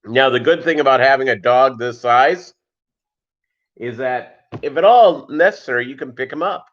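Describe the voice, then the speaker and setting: A man's voice: mid-range voice, normal speed, muffled recording. A man hosting a casual livestream, greeting viewers by name and rambling with lots of fillers. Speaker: fishkeeping livestream host.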